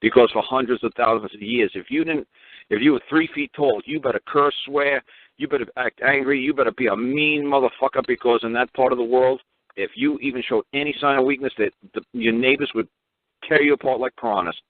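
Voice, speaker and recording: A man's voice: mid-range voice, a little fast, no echo. A man hosting a call-in radio show, ranting in a rambling, profane way and repeating himself. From New York, Brooklyn. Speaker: radio talk show host. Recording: tinny phone-line radio audio.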